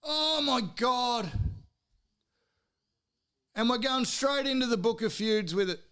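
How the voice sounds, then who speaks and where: A high-voiced Australian man rants about sport on his podcast. His voice is smooth and clear, even as he swears hard and now and then shouts. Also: slow. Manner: heated, swearing, sometimes shouting. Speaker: podcast host. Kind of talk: profane sports rant.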